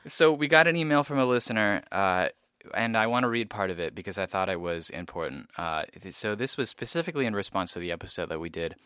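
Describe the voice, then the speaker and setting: A man co-hosting a podcast, talking thoughtfully with many pauses and ums. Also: lowish voice, lively intonation, fairly bright tone, smooth, no echo, clean studio sound. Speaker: podcast co-host. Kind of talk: casual discussion.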